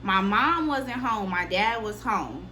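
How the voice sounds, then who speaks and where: A young woman casually telling a personal story on her vlog, candid and profane, with lively delivery. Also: mid-range voice, slow, a little hiss or hum. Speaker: vlogger.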